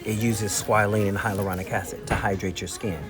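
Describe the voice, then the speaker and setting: A man chatting casually to camera in a weekly vlog, telling stories and showing off products in an animated, talkative way. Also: lowish voice, a little fast, music in the background. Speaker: vlogger. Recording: noticeable background noise.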